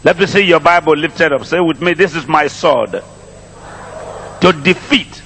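A man's voice: on the high side, a little slow, pauses often, a bit bright, in a large hall, slight background noise. A middle-aged man with a Nigerian accent, preaching a sermon, drawing calls and responses from the congregation and repeating his phrases. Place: church congregation.

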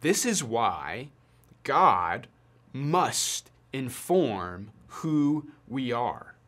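Slow, deliberate young man preaching. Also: mid-range voice, sing-song, a bit bright. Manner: deliberate, measured delivery with pauses. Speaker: youth pastor. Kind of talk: sermon to students.

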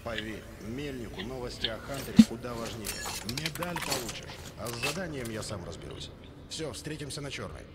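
An actor playing a gruff male Ranger soldier in video game dialogue, brisk and giving orders. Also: medium pitch, big pitch swings, very noisy, lightly acted. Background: game music.

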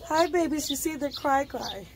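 A woman vlogging her morning on a phone in her backyard, chatting with pauses and fillers and cooing at her pet hens. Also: high voice, expressive, noisy background. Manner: chatty, hesitant, talks sweetly to her hens. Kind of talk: casual vlog commentary. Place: home backyard, outdoors.

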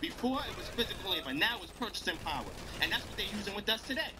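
A man's voice: high-pitched, big pitch swings, quick pace. A man giving an emphatic, streetwise speech to young people, lecturing and preaching about the community. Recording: loud hip hop music behind.

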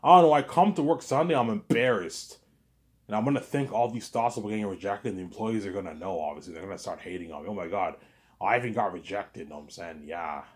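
Rambling young man, low voice. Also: fast. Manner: rambling, repetitive, swears often. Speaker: vlogger. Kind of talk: casual monologue.

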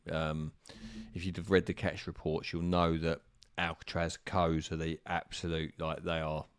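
A man's voice: low voice, no echo, studio quality. A man on a live stream, answering viewers' carp fishing questions in a casual, rambling way with lots of ums and restarts.

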